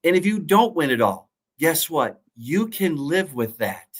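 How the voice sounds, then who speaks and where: A man's voice: a little high, very animated, measured pace, slightly rough. A middle-aged man, a football coach, telling his story in an earnest, preaching way and repeating key phrases. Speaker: college football coach and former pro player. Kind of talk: motivational interview talk.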